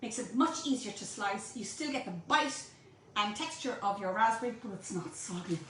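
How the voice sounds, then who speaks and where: Lively Irish woman in an echoey kitchen. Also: mid-range voice, moderate pace, distant mic, slight background noise. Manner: chatty, playful, addresses viewers directly. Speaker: baking teacher. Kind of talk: home baking demonstration. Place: home kitchen.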